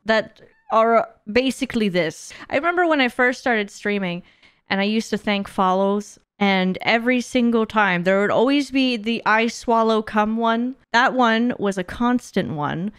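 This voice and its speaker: A woman's voice: fairly high pitch, expressive, a little slow, clean tone, dry recording. A young woman streamer reacting to memes, laughing often and swearing casually.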